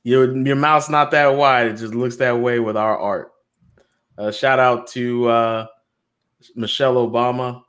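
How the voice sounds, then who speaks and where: A man co-hosting a podcast, chatting casually and joking through shout-outs to listeners. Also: medium pitch, steady tone, a little slow. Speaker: podcast co-host. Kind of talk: casual live podcast banter.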